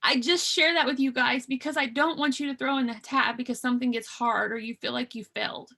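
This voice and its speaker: A woman's voice: sits high, steady tone, fast talker, gravelly, bright, forceful tone, a little hiss or hum. A woman in her thirties leading a business video call, talking in an earnest, chatty way with many fillers and restarts. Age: 30s. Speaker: team leader hosting a business call. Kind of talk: casual motivational talk on a video call.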